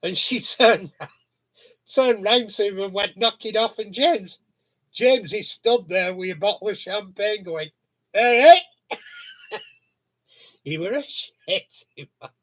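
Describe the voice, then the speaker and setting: A man's voice: high voice, a little slow, fairly bright tone. A man chatting casually on a live stream, telling rambling stories with frequent chuckles. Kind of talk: casual chat with viewers.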